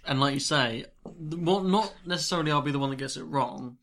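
A man's voice: on the high side, a little fast, a bit bright. A man hosting a casual podcast chat, talking loosely and laughing as he goes. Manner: chatty, laughs while talking. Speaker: podcast host.

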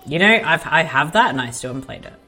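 A man's voice: medium pitch, expressive, quick pace, sharp tone, faint music behind. A laid-back man co-hosting a casual movie-watching commentary, rambling and making crude jokes. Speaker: co-host.

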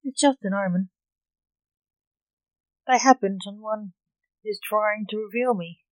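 A grumpy middle-aged coroner who moans through every complaint, exasperated with everyone around him, as a reader puts him on. He speaks slowly, in a dry, close voice that stays at an ordinary middle pitch. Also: no room sound, natural voice, poor audio. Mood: moaning.

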